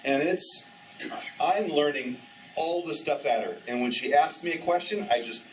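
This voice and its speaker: Man, 50s, high voice, animated storyteller at a training session, slightly distant mic, faint hiss. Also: normal speed. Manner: animated storyteller, acts out dialogue. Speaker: ski instructor trainer. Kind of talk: storytelling presentation.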